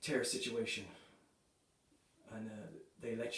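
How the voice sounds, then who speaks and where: A man performing a stand-up comedy set, delivering dark jokes in a loose, chatty way, filling his lines with "you know" and "right". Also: a little high, animated, moderate pace. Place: comedy club stage. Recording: echoey room, voice from a distance.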